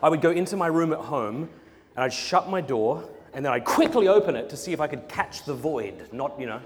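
An animated Australian man from South Australia, his voice slightly high and a little fast, delivers a humorous talk to a conference audience. He acts out quotes and laughs while telling stories, with hall reverb and faint noise around him.

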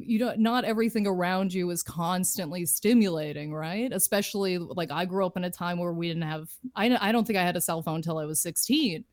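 A woman's voice: mid-range voice, a little mellow, no echo, studio quality. A woman comedian from Ontario, Canada, answering interview questions in a chatty, loose way full of "like" and "you know". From Lindsay, Ontario, Canada. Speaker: comedian guest.

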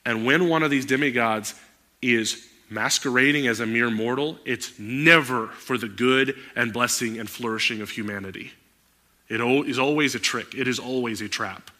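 A male pastor delivering a sermon with a bright, edgy tone. He talks animatedly and climbs into loud, emphatic outbursts. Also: mid-range voice, normal speed.

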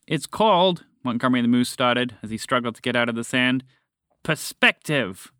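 Guy reading a kids story aloud, bright clear voice, dry close sound. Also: monotone, fast, no echo. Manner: gentle storybook reading, raising his pitch for characters' lines. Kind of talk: children's story narration.

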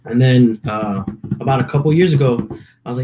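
A man's voice: medium pitch, fairly quick, dark tone, a little hiss or hum. A young man from New Jersey, a musician guest chatting casually on a podcast, telling stories in a rambling way full of fillers. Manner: rambling, filler-heavy storytelling.

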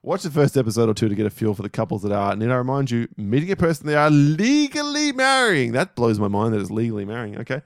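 A man co-hosting a podcast, reading out listener lists in casual, animated chat with frequent swearing and laughter. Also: fairly low pitch, rapid-fire, few pauses, no echo, clean studio sound. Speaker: podcast co-host.

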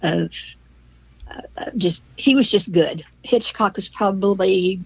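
A woman's voice: medium pitch, slow, creaky, breathy edge, no room sound. An older woman in casual conversation, hesitant, with many fillers and restarts, on a dull lo-fi call. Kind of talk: casual chat.

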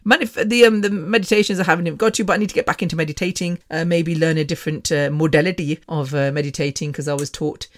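A woman's voice: low-pitched, steady tone, fast talker, hardly any pauses. A woman hosting her own podcast in a casual personal monologue, frank and candid with mild swearing, rambling with frequent restarts. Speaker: podcast host.

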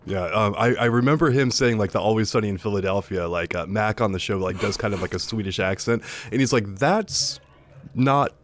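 Man, podcast co-host, lower voice, loose and chatty. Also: fast talker, few pauses, a little hiss or hum. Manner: loose, chatty, lots of fillers. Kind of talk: casual podcast chat.

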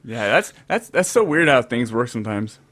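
A man hosts a casual chat, joking and goading his guest with playful hypothetical questions. His voice sits at a middle pitch but swings up and down a lot as he talks. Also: big pitch swings, normal speed, fairly bright tone. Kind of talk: casual conversation.

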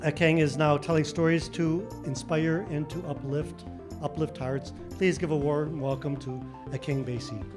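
A man reading a measured, formal introduction for a performer. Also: fairly high pitch, steady tone. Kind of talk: scripted introduction. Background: guitar music.

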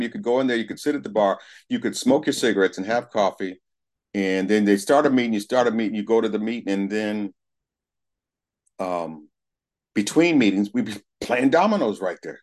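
A middle-aged man giving a candid, plain-spoken personal testimony at a recovery meeting, with casual swearing. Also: on the low side. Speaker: speaker sharing his recovery story.

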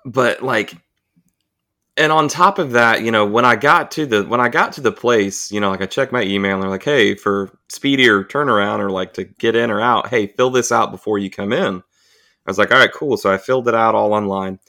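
A man with a lowish voice tells a story in loose, chatty podcast banter. He rambles and sounds exasperated, swearing as he goes. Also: moderate pace, sharp tone. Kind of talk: casual storytelling chat.

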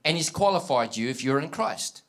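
A male preacher delivers a sermon in a voice of ordinary pitch. He is animated, slipping into the voices of scripture figures as he tells their stories. He keeps checking in with the congregation, urging them on with call-and-response. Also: moderate pace. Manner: acts out quoted dialogue in scripture.

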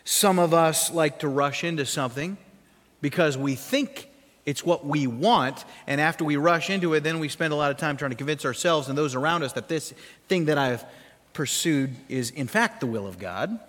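A man preaching a sermon as a pastor, animated and fond of questions and stories. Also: on the high side, moderate pace, long reverb tail.

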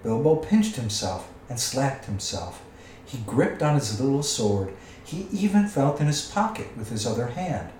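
A man reading a storybook aloud with expressive storytelling. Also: mid-range voice, a little slow, far from the mic, slight background noise. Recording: echoey room, away from the mic.

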